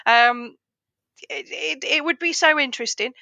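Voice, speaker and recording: A woman's voice: high-pitched, unhurried, gravelly, bright, forceful tone, dry recording, highs cut off. A woman teacher and author as a podcast guest, talking with enthusiasm and often restarting her sentences. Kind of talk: podcast interview.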